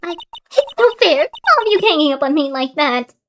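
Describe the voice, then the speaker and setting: A woman voicing a spiteful young female witness in a courtroom game, shrill and indignant. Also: very animated, normal speed, fairly bright tone, slight background noise.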